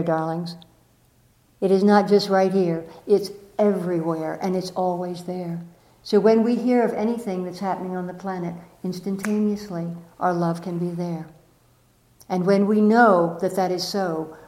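A woman giving a gentle, affectionate inspirational talk to a live audience as a spiritual teacher, often repeating key words. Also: on the low side. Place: warm room full of listeners. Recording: roomy echoing room.

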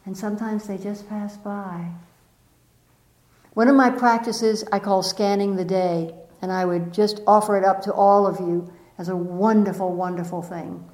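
A woman giving a gentle, affectionate inspirational talk to a live audience as a spiritual teacher, often repeating key words. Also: medium pitch, steady tone, moderate pace. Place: warm room full of listeners. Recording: roomy echoing room.

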